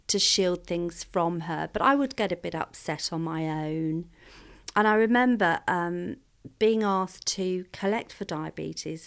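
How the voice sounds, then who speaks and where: A woman, a mother being interviewed, telling a story in a soft, halting way with frequent restarts. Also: on the low side. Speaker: mother of a child with diabetes.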